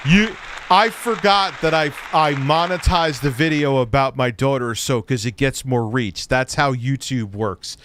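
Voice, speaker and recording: A man's voice: medium pitch, unhurried, fairly bright tone, a faint crowd, a little hiss or hum. A man hosting a live stream, ranting in a profane, exasperated way. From United States. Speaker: streamer host. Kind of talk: heated live-stream chat.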